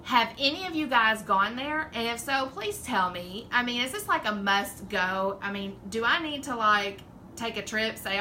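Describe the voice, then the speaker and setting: A woman's voice: on the high side, animated, normal speed, pushed and bright, slight background noise, poor audio. A woman with a Southern drawl chatting casually and rambling as the host of a home craft livestream. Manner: chatty, rambling, laughs often. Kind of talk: casual live-stream chat.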